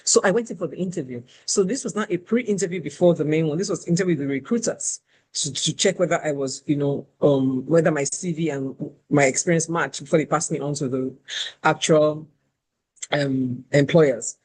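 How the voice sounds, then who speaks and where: A woman host tells a personal story in a relaxed conversational flow. She is candid and animated and pokes fun at herself as she talks. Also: sits low, moderate pace, slightly rough. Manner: candid, animated, self-deprecating.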